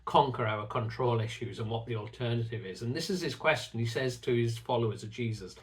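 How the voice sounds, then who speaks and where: A middle-aged man, a faith teacher who hosts his own channel, talks to camera about faith and trust in an ordinary mid-pitched voice. His delivery is brisk, earnest and reflective, like a lesson, and he often repeats a word as he starts a phrase.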